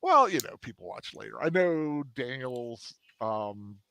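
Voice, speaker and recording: A man's voice: medium pitch, very animated, unhurried, creaky, bright, forceful tone. A man hosting a casual film chat, talking in a rambling way with many fillers and restarts. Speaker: host.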